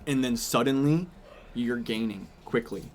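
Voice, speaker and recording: A man's voice: medium pitch, measured pace. A man narrating as game master, describing scenes casually with many fillers.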